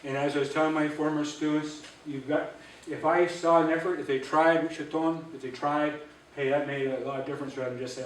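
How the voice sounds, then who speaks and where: A man teaching an Ojibwe language class, patiently drilling syllables and repeating words slowly. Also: a little high, steady tone, a little hiss or hum. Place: library auditorium. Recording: echoey room, voice from a distance.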